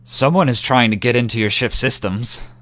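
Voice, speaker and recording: A man running a tabletop game as game master. He calls for rolls and describes events in a calm, matter-of-fact way at an ordinary, mid-range pitch. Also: moderate pace.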